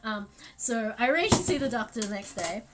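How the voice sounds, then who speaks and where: A woman's voice: on the high side, expressive, fairly quick, background noise. A young woman streamer telling a story in casual live chat, rambling with lots of fillers and bursts of laughter.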